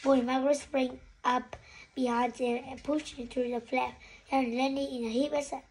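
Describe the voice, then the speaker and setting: High-voiced woman reading a children's story. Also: little pitch movement, moderate pace, a little mellow, slight background noise, rough recording. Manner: reads with stumbles and slips. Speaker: story reader.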